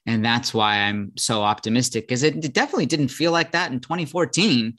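Chatty man with halting restarts. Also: mid-range voice, expressive, fairly bright tone. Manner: thoughtful, repeats words, frequent "you know". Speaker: podcast guest, cannabis educator. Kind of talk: casual conversation.

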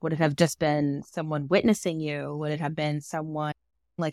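A woman's voice: deep voice, flat delivery, moderate pace, a little mellow, no room sound, clean studio sound. A woman co-hosting a casual podcast chat, reflective and wry, dropping joking asides. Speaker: podcast co-host.

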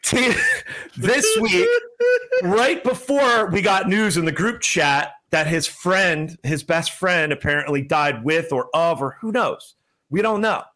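A man's voice: on the high side, animated, takes it slowly, bright, forceful tone. A man telling a story in casual chat, heated and swearing a lot.

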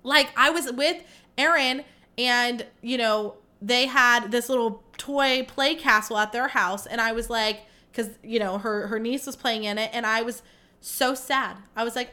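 A young woman hosting her own podcast, ranting candidly about dating, dramatic and self-mocking, swearing freely and swinging between loud outbursts and low mutters. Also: moderate pace. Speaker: podcast host. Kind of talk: candid solo podcast monologue.

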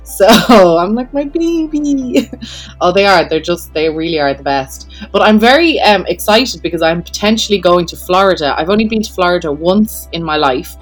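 A woman hosting a relaxed interview, her voice sitting on the lower side. She talks in a chatty, reflective way and laughs readily. Faint music plays behind her. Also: a little fast, hardly any pauses, low-quality recording. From Ireland. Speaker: podcast host. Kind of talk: casual interview chat.

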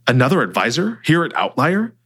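A man's voice: fairly high pitch, very animated, a little fast, a bit bright, husky, voice pushed up, full character voice. A stressed male financial advisor with a tense, sarcastic edge, as a man reads him aloud. His voice rises and falls a lot as he pushes back. It is a storybook reading. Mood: hurt and bitter. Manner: tense, sarcastic under strain.

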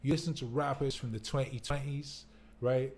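A man's voice: medium pitch, fairly even intonation, moderate pace, a little mellow. Laid-back rambling streamer guy. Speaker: livestream host. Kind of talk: casual live-stream chat. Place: indoor rental home. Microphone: desk mic for streaming, wearing headphones.

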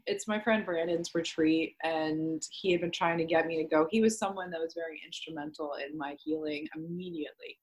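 A young woman, a podcast guest, candidly telling her story in casual speech full of "like" fillers and the odd swear word. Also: fairly low pitch. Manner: chatty, swears freely, many "like" fillers.

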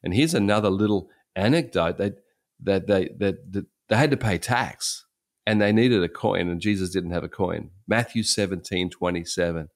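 A man's voice: sits low, moderate pace. A man in his sixties preaching, telling stories in a conversational way that repeats and restarts phrases. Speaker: pastor. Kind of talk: sermon storytelling.

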